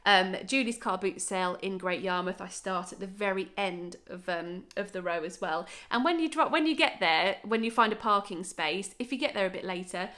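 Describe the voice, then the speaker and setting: Her tone is sharp and her mid-range voice moves at normal speed with hardly any pauses. She's a vlogger in her thirties with a Norfolk accent, chatting bubbly and casually to camera with lots of "right" and "um".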